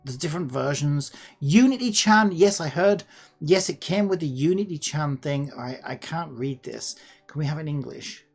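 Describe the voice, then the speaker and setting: A person hosting a casual coding vlog, thinking aloud in an excitable, rambling way, pleading with the computer and sometimes dropping to a muttered whisper. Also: mid-range voice, moderate pace, slightly rough, faint music behind. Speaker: hobbyist developer and channel host.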